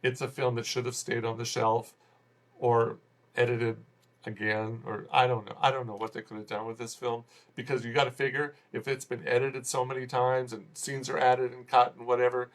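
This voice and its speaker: A man's voice: medium pitch, level tone, moderate pace. Rambling, exasperated male film reviewer. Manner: rambling, exasperated, with many restarts. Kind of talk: casual spoken movie review.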